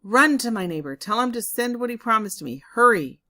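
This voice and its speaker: A loud, impatient rich farmer from a storybook, barking orders at his servants, put on by a woman reading aloud. The voice is bright and slightly gravelly, heard close and dry with no room sound. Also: fairly low pitch, measured pace, no room sound. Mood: bossy. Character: bossy rich male farmer, scheming and impatient.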